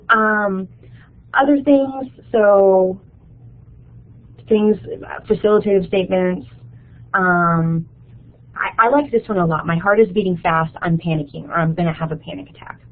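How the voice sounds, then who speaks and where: A woman counselor giving a workshop talk on test anxiety, conversational and often checking in with her listeners. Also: fairly low pitch. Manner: conversational, checks in with frequent 'okay?'. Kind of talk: workshop presentation. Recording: tinny phone-like sound.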